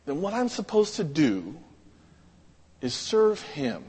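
A man preaching a storytelling sermon, animated, swinging from loud to hushed. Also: a little high, slow, slightly rough. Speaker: pastor. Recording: echoey hall.

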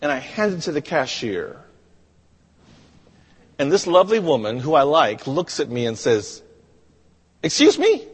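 A man preaching a storytelling sermon, animated, swinging from loud to hushed. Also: mid-range voice, moderate pace, long pauses, breathy edge. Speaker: pastor. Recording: echoey hall.

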